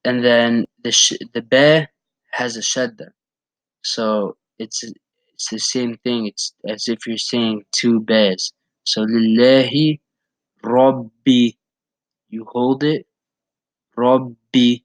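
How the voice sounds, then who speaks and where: A man teaching how to pronounce a recitation step by step, patiently repeating words slowly to demonstrate each sound. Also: medium pitch, fairly even intonation, no room sound, rough recording. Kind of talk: step-by-step pronunciation lesson.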